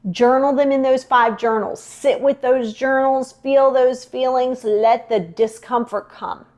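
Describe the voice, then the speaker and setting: High-voiced woman giving a pep talk. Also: steady tone, a little slow, darkish tone. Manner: direct, coaching, acts out inner voices. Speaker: podcast host. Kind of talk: motivational self-help talk.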